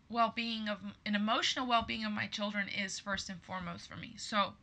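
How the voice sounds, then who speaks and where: Earnest, bright-voiced woman podcast host. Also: mid-range voice. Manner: earnest, emphatic, addresses listeners as "you guys". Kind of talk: personal monologue to listeners.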